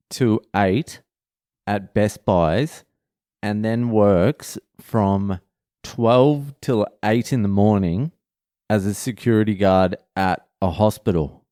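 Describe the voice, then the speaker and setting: A man's voice: on the low side, takes it slowly, mellow, no room sound, studio quality. An Australian man, a comedian, telling rambling, profane stories in a solo chat. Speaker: comedian and podcast host.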